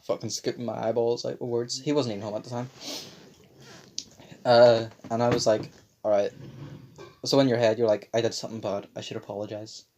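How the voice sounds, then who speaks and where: A man's voice: mid-range voice, flat delivery, brisk, pauses often, a little mellow, slight background noise. Crude rambling teen guy. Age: late teens. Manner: crude, rambling, swearing, voice cracking. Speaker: podcast co-host. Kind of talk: casual storytelling chat.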